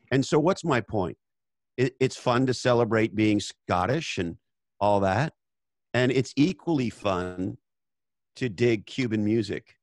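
A man's voice: lowish voice, no room sound. A Canadian man hosting a casual conversation, talking bluntly and swearing freely as he tells stories. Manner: blunt, profane, storytelling. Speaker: host.

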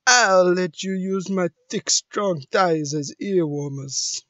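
Man playing a burly strong woman soldier, cheesy flirt, slow, high for a man, dry dull sound. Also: fairly bright tone, no echo. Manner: flirty cheesy line read. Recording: dull lo-fi mic.

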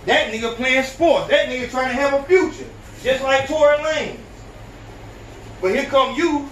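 High-voiced man ranting in an echoey room. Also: moderate pace, distant mic, a little hiss or hum. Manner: animated, profane ranting with laughs. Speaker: podcast host. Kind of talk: profane reaction commentary.

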